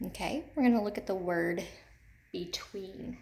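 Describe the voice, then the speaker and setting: Woman teaching a slow, clear phonics lesson. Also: medium pitch, darkish tone. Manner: slow, clear, repeats each word several times. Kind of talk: recorded phonics lesson for children.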